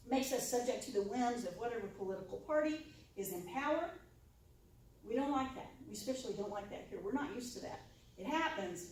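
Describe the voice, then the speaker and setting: A woman's voice: medium pitch, darkish tone, a little hiss or hum. A woman giving an informal talk to a live audience, chatty, often asking "right?" and acting out quoted reactions. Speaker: lunchtime discussion presenter. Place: university room with audience. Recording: very echoey room, voice from far off.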